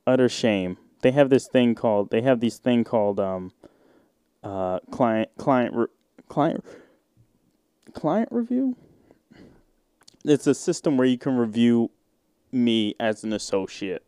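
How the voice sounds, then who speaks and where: A man from the United States hosts his podcast alone, ranting indignantly and swearing freely while stumbling over fillers. His voice is mellow and sits at an ordinary pitch. The recording is dry and close. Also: clean tone, no room sound. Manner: profane, indignant, rambling with many fillers. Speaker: podcast host. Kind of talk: casual solo podcast rant.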